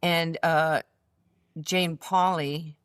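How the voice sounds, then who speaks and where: A woman in her sixties with a New York accent, telling animated stories as an interview guest and acting out the voices in them. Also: low voice, drawn-out words, clean tone, no room sound, studio quality. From United States. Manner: animated storyteller, acts out voices in her anecdotes. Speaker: interview guest, former basketball player. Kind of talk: casual storytelling interview.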